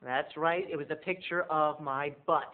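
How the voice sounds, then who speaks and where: A man, a video blogger, telling a comic story to his viewers in an animated, theatrical way. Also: a little high, moderate pace. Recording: tinny phone-like sound.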